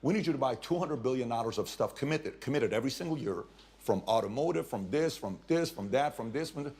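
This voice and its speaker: A man explaining economics through a salesman's hypothetical, animated and persuasive. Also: mid-range voice, fast talker.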